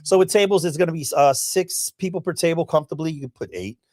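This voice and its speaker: A man's voice: fairly high pitch, quick pace, darkish tone, no room sound, clean studio sound. A man as a guest on a podcast, upbeat and promoting an event in casual chat with many fillers.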